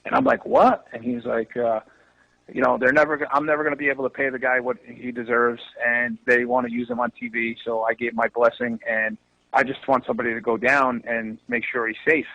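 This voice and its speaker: A man's voice: medium pitch, fairly quick, no room sound, muffled recording. A man who is a wrestling promoter, telling stories in a casual podcast chat and swearing freely. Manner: animated storyteller, swears freely.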